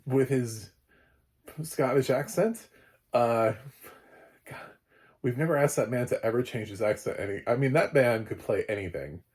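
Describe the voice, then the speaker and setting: A man's voice: mid-range voice, darkish tone. A man giving a casual film review, rambling with many fillers and restarts, chuckling between thoughts. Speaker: film critic.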